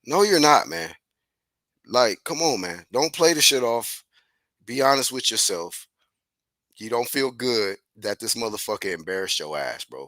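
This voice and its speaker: A young man giving casual, profane, animated commentary, constantly dropping "man". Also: medium pitch, dry recording. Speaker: commentary host.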